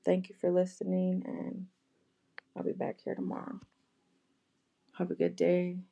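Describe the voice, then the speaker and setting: A woman talks softly and directly to her viewers, offering heartfelt apologies and comfort. Her low voice has a gravelly, husky texture, and she often restarts and repeats her phrases. The tone stays dark and mellow throughout. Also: completely flat delivery, measured pace. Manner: gentle, soft-spoken, repetitive, with frequent restarts. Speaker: vlogger.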